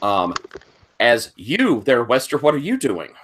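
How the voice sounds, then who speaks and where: A man running a tabletop game as game master, slowly describing scenes with frequent pauses and restarts. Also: mid-range voice, wildly swooping pitch, a bit bright.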